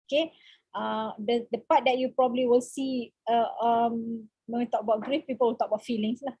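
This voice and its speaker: Woman, Malaysian English accent, counseling lecturer, high voice, dry close sound, halting with fillers. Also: fairly even intonation, mellow, slightly rough, dry recording, lo-fi sound. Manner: halting, many fillers, mixes in Malay words. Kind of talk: seminar lecture.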